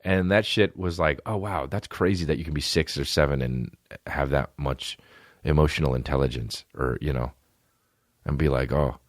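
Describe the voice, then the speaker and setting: A man's voice: extremely low pitch, normal speed, dry recording, studio quality. A man hosting a podcast, telling rambling, profane childhood stories in a casual comedic monologue. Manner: rambling, profane, animated storytelling. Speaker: podcast host.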